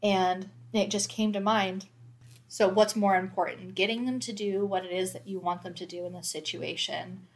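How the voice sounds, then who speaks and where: A woman's voice: mid-range voice, steady tone, moderate pace. A woman in her thirties, a mother of four, talking candidly and reflectively in a casual faith conversation, with many fillers.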